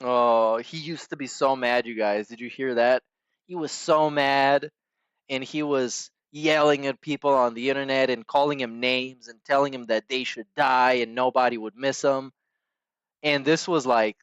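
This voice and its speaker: A man's voice: medium pitch, steady tone, moderate pace, clean tone, dry recording, dull audio. A man hosting a podcast, giving crude, sarcastic reaction commentary on stream clips.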